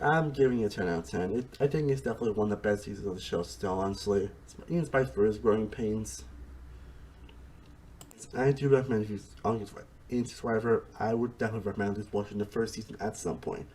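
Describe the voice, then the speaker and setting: In a lowish, slightly mellow voice, a man delivers a fast, casual spoken review of a TV show. He rambles along, restarts sentences mid-thought, and repeatedly uses "honestly" and "again."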